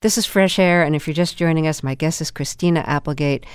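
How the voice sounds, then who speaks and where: A woman hosting a radio interview, asking measured, curious questions. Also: deep voice, clear, resonant tone, no echo. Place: radio studio. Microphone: studio microphone.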